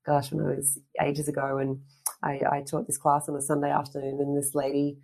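Middle-aged woman guest with a very low voice, chatty and rambling, plenty of ums and restarts. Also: monotone, brisk, vocal fry, a little mellow. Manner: chatty, rambling storyteller with frequent fillers and restarts. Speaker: guest, fitness instructor and presenter. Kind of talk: casual interview chat.

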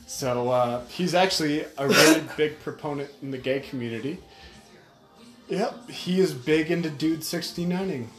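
A man with a fairly high voice tells a crude, joking story in casual podcast chat. His voice bounces around an echoey room. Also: moderate pace, soft background music. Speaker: podcast co-host.

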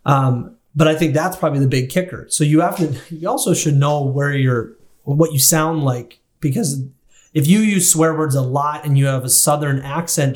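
A man's voice: fairly high pitch, a little mellow. A man with a Midwestern accent, chatting casually as a podcast co-host and laughing often. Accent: American Midwest. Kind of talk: casual chat.

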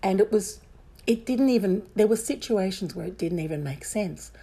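A woman's voice: mid-range voice, expressive, moderate pace, dark tone, husky. A woman telling a personal story in a candid, emphatic way, circling back and restarting her sentences as she goes.

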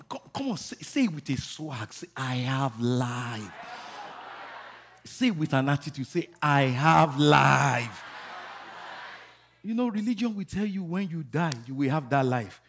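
A man preaching a sermon, calling on the congregation to repeat after him and building to shouts. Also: on the high side, expressive, normal speed, a little hiss or hum. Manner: rising to shouting, call-and-response. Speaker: pastor.

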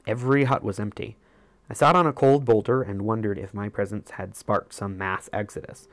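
A man reading a first-person story as an audiobook narrator, in a measured, reflective way. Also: fairly low pitch, steady tone, no echo.

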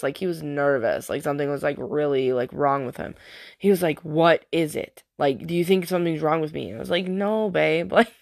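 A woman's voice: fairly low pitch, no echo, clean studio sound. A young woman vlogging casually about parenting her stepson, chatty, laughing often and saying "like" a lot. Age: young adult. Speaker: vlogger and stepmom. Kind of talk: casual storytelling vlog.

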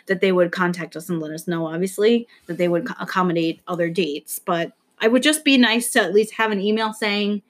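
Talking fairly quickly with few pauses, a young New York–area woman with a fairly low voice co-hosts a casual podcast. Her chatter is anxious and meandering, punctuated by the odd curse word.

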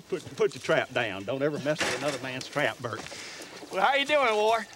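A man's voice: medium pitch, very animated, normal speed, background noise, close to an everyday voice. An actor with a Southern accent playing a bossy backwoods male poacher in a film, talking in a folksy, chuckling drawl. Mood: smarmy. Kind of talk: film dialogue.

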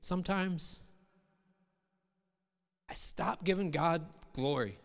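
Pastor preaching in a reverberant hall. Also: male voice, fairly high pitch, slow, vocal fry. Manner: conversational, rising to emphatic in quoted voices. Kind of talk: sermon.

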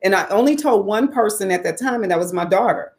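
A woman in her forties from the South, telling her personal story in a candid, expressive way, swearing freely and letting her voice climb high for emphasis. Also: quick pace. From Southern United States. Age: 40s.

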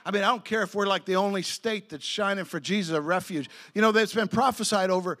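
A middle-aged male pastor with a notably high voice, preaching. He tells his stories with excitable bursts, tripping into quick restarts and acting out the people he quotes. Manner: storytelling with acted-out quotes and laughter. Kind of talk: sermon.

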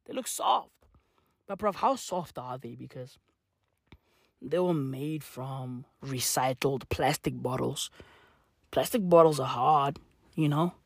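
A woman delivering a profane comedic rant, full of slang, dropping to low mutters and then jumping to high shouted outbursts. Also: slow pace, vocal fry, pauses often, husky, no room sound, studio quality. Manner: heavy slang fillers. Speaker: comic ranter.

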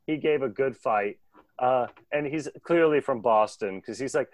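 A man casually recapping a cartoon episode with a co-host, animated and laughing often. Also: mid-range voice, dry recording. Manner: animated, laughing, doing quick voices. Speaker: podcast co-host.

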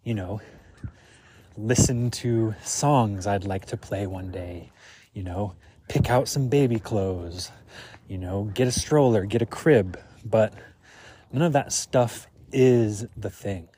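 A man's voice: on the low side, slow, dark tone, slightly rough. A man hosting a podcast alone, recorded outdoors while on a walk. He muses and thinks aloud in a reflective monologue, full of fillers. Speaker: podcast host.

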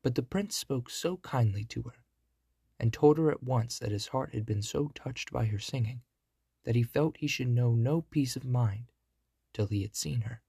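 A man reading a fairy tale aloud in a measured storybook manner. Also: mid-range voice, vocal fry, dark tone, slightly rough, no room sound, clean studio sound.

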